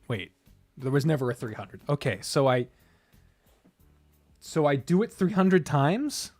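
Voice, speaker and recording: A woman's voice: sits low, darkish tone, no echo, studio quality. A woman streamer and game master in casual livestream chat, giddy and laughing often, swearing and stumbling as she works through math aloud.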